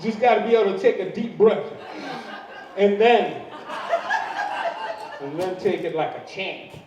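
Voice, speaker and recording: Heavy background noise and audience laughter fill a distant, very echoey, dull lo-fi recording from a comedy club. There, an older man with a high-pitched voice tells crude stories unhurriedly, performing the quoted voices of the characters.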